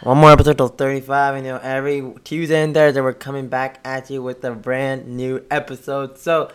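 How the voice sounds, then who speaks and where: A man's voice: medium pitch, flat delivery, fairly quick, clear, resonant tone. Chatty man hosting a sports podcast. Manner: upbeat, plugging and chatty. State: a bit hoarse. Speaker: podcast host. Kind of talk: casual sports podcast chat.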